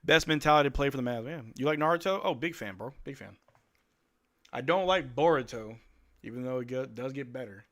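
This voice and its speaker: Young male fan streamer, bright, forward voice, emotional live play-by-play with chat banter. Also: medium pitch, brisk. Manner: emotional, calls plays while chatting with viewers. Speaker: fan streamer hosting a game watch-along.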